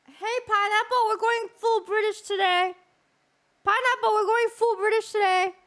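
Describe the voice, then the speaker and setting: A woman hosting a casual interview stream, excitable and often stumbling over her words. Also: very high voice, moderate pace, a little hiss or hum. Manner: excitable, stammering restarts. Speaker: streamer host.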